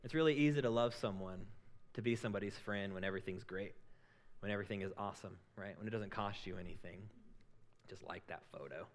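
A male pastor giving a conversational sermon, acting out inner thoughts in quoted asides and building to loud emphasis. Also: fairly low pitch, fast talker.

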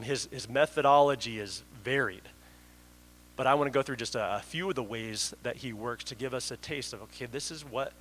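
A man's voice: mid-range voice, a bit bright, poor audio. A man preaching a sermon in an earnest way, often restarting his sentences. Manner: earnest, with frequent restarts and fillers. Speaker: pastor.

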